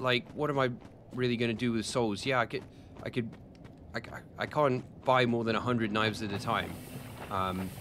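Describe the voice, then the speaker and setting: A young British man with a fairly low voice talks casually to his live chat while he plays. He rambles, restarts his sentences and teases himself between questions. There is a faint hum behind him. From United Kingdom. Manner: rambling, self-deprecating, answers chat questions with many fillers. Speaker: gaming streamer. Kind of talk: casual live-stream commentary while playing.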